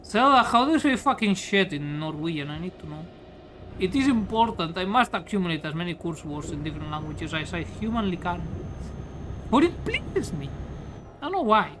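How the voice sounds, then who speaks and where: Tipsy woman chatting on stream, cursing lots, loud truck game hum underneath. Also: lowish voice, expressive, a little fast. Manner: rambling, swears often. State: tipsy from beer. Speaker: livestreamer. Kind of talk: casual gaming stream chat. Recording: game engine noise behind voice. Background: truck driving game sounds.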